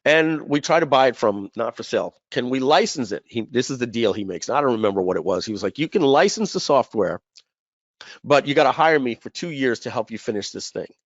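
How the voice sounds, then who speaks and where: A man hosting a live webinar, telling a long story in a chatty, rambling way, with many fillers and throat clearing. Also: mid-range voice, expressive, a little fast, no room sound. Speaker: webinar host. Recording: dull, dry webinar audio.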